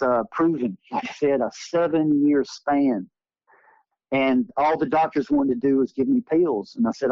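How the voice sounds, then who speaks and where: A man's voice: on the high side, vocal fry, a little mellow, no room sound. A man in his forties, an energy healer and interview guest, telling spiritual healing stories in an earnest, emphatic way. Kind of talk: earnest conversational storytelling. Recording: dull lo-fi recording.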